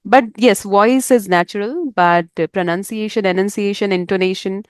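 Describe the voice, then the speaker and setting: A woman with an Indian English accent, talking casually and thoughtfully about speaking clearly, often agreeing with "right". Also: medium pitch, normal speed, a little mellow, dry recording.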